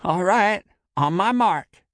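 Storybook role: high-pitched, mocking young male buddy voiced by a male reader, loud and lively. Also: moderate pace, dry recording, studio quality, full character voice. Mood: keyed up.

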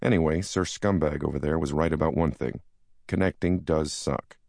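Man voicing charismatic big-shot broker, soothing but crude, very deep voice. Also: steady tone, normal speed, gravelly, darkish tone, no echo, clean studio sound. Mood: brash. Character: charismatic male senior stockbroker, big and brash.

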